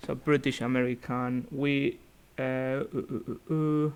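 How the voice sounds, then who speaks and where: Leading an online fund meeting over a computer mic, a young male student who organises an investment society reviews the portfolio. He's unhurried and hesitant, thinking aloud with many fillers, in a smooth, medium-pitched voice with little pitch movement.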